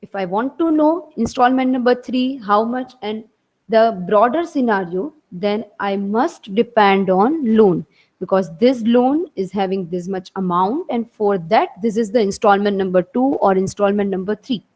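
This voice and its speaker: A woman's voice: mid-range voice, normal speed, a little mellow, low-quality recording. A woman teacher with an Indian English accent giving an online class lecture, explaining step by step and repeating her points.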